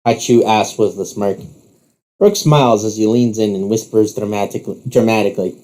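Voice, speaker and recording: Male narrator for second-person story, steady, warm mellow tone. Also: on the low side, moderate pace.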